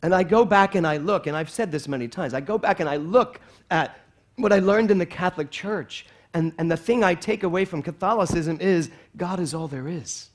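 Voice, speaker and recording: A man in his sixties preaching a sermon as a minister in a church, animated, swinging from soft passages to loud exclamations. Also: high-pitched, a little fast. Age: 60s.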